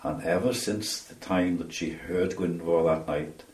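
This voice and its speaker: Low older Welsh man, reminiscing. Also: steady tone, darkish tone. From Wales. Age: 70s. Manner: measured, with frequent ums and restarts. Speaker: interview guest. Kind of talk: reminiscing interview answers. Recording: roomy sound from a distance.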